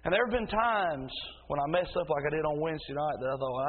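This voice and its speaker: A man preaching a sermon as pastor in a church, emphatic and rising into a loud preaching cadence. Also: a little high, expressive, fast talker, slight background noise. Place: church sanctuary. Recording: tinny phone-like sound in a reverberant hall.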